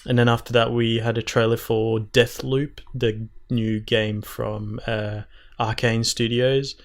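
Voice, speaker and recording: A man's voice: mid-range voice, flat delivery, measured pace. Rambling male gaming podcast co-host. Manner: rambling, filler-heavy storytelling. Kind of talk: casual gaming podcast chat.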